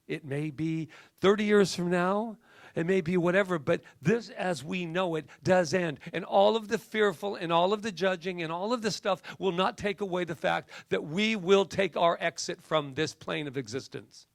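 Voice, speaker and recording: A middle-aged man preaching a sermon as minister, swinging from emphatic rising peaks to soft, near-whispered asides. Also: high voice, moderate pace, gravelly, dry recording, studio quality.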